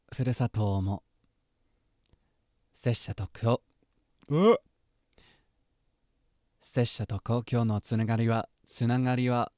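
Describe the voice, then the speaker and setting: An English-speaking man voicing a calm, wistful young wandering samurai in a slow, solemn recitation that stumbles on long lines. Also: medium pitch, no room sound, clean studio sound, lightly acted.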